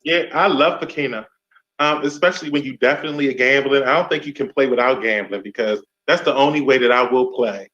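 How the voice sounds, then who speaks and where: A man's voice: mid-range voice, quick pace, a bit bright. A man hosting a casual group chat on a remote call, steering the talk and teasing the others. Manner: teasing, leads the conversation. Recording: muffled lo-fi call audio.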